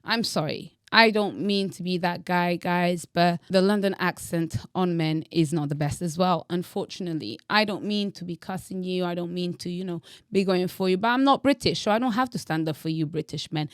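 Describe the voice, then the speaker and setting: A woman's voice: lowish voice, moderate pace, hardly any pauses, no echo, studio quality. A young woman from Angola giving bold, teasing opinions straight to camera in her vlog, with dramatic emphasis. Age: young adult. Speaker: vlogger. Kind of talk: opinionated direct-to-camera monologue.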